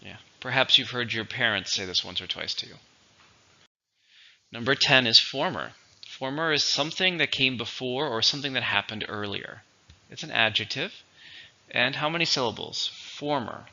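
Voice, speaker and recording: A man teaching English vocabulary in a slow, patient, explanatory way. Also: medium pitch, vocal fry, sharp tone. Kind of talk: vocabulary lesson. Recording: dull lo-fi recording.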